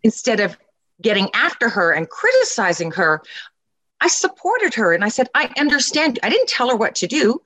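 Parenting coach, middle-aged woman; animated and emphatic, lots of pitch movement. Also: normal speed, dry recording. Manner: animated and emphatic, acts out quoted lines. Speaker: podcast guest, parenting coach. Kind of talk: casual conversation.

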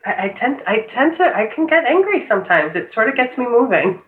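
A woman's voice: fairly high pitch, sing-song, a little fast. A woman in casual conversation, a body therapy practitioner who talks earnestly and agrees often, with many fillers. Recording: tinny phone-like line in echoey room.

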